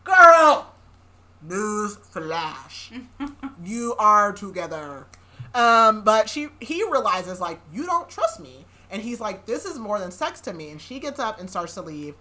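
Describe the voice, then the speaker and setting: Her slightly high voice swings widely in pitch and has a sharp tone, coming at a normal speed with few pauses. She's a young podcast host casually recapping a novel, sarcastic and quick to laugh.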